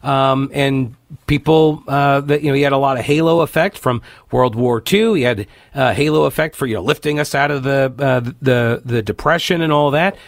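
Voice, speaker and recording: A man hosting a political talk radio show, giving animated, exasperated commentary with many fillers and restarts. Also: mid-range voice, moderate pace, no echo, clean studio sound.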